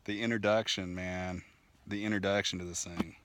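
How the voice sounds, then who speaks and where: A man telling the story of his spiritual journey to a camera outdoors. He rambles with fillers and restarts, laughs often, and grows animated when he is annoyed. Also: low-pitched, unhurried, no echo. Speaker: vlogger sharing spiritual testimony. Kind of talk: casual personal storytelling to camera. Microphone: camera mic.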